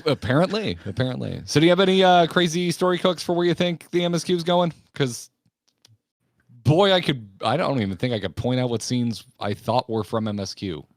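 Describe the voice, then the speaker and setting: A man hosting a podcast, chatting casually and telling relaxed anecdotes, acting out the quotes. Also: a little high, a little fast, no room sound, clean studio sound. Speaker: podcast host.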